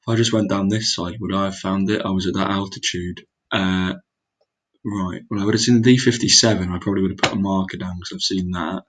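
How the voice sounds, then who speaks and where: A man's voice: sits low, fairly even intonation, brisk, fairly bright tone, poor audio. A young man muttering his way through a geography guessing game, exclaiming and mocking his own mistakes. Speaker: gaming video creator. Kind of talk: casual gameplay commentary.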